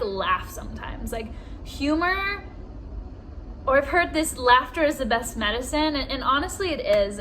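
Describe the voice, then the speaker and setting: Bright, high-voiced chatty young woman. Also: a little hiss or hum, poor audio. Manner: chatty, giggly, acts out voices. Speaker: registered nurse. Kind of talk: casual anecdote.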